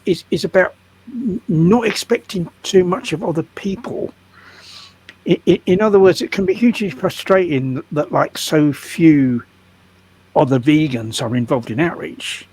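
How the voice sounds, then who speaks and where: Retired guy, husky and slightly high, talks in stops and restarts. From United Kingdom. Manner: hesitant, stammering restarts. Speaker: guest activist. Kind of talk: casual conversation.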